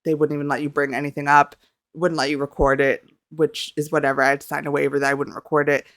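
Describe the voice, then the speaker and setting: Flustered, excitable young woman with a smooth voice. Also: low voice, fast talker, no echo, clean studio sound. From Canada. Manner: excitable, flustered, rambling with frequent swearing. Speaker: vlogger. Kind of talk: casual reaction vlog storytelling. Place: home.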